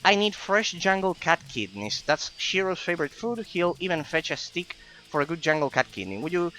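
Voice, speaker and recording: A man's voice: big pitch swings, moderate pace, pushed and bright, soft background music, low-quality recording. A man reading aloud the quest lines of a proud female lizard keeper, raising his voice above his usual tone. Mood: boastful. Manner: reads quest text aloud, lifting his pitch.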